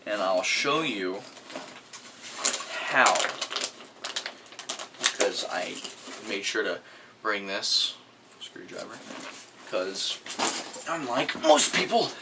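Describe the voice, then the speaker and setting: Speaking very slowly with long pauses in a very noisy recording, a New Mexico teenage boy with a fairly low voice shows a gadget in his vlog. The talk is rambling, hesitant, and crude, thick with fillers, swearing, and loose slang.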